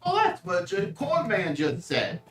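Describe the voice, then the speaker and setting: A playful man reading viewer messages aloud on a game stream. His voice jumps around with lively intonation, and he sits back from the mic in a roomy, echoing space. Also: sits high, unhurried, far from the mic, soft background music. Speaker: co-host reading chat. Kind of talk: casual livestream chat.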